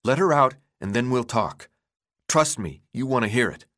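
Audiobook role: a man reading a determined teenage hero, earnest and insistent, lively delivery. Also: medium pitch, moderate pace, dry recording, studio quality, lightly acted.

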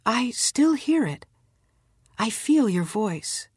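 A woman narrator voicing a startled, fearful young woman with a soft, tense delivery, from an audiobook. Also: fairly high pitch, very animated, slow, slightly rough, no echo, clean studio sound, pitched above the performer's own voice, full character voice. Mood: awed.

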